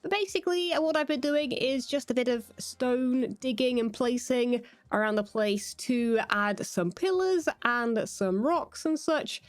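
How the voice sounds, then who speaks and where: A woman's voice: a little high, measured pace, hardly any pauses, no room sound. A British woman giving casual, playful gameplay commentary as a Minecraft YouTuber. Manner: chatty and playful.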